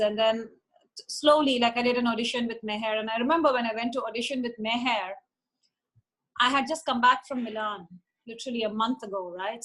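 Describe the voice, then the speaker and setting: A woman tells a long story in a chatty, animated way, slipping into other people's voices. Her voice sits a little high. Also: low-quality recording. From India. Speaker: interview guest, former model. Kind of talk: casual storytelling.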